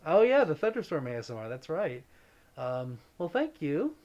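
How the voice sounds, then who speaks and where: A man's voice: on the high side, huge pitch swings, measured pace, darkish tone, muffled recording. An upbeat man hosting a casual livestream, chatting easily and reading out viewer comments. He greets viewers by name and keeps the tone light and friendly. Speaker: livestream host.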